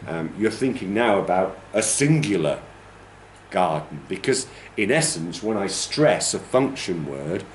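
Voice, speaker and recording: This classroom lecture comes from a UK man with a low, expressive voice and a measured pace. He explains pronunciation and demonstrates stress patterns to a training class, recorded in an echoey room with a slight hiss or hum.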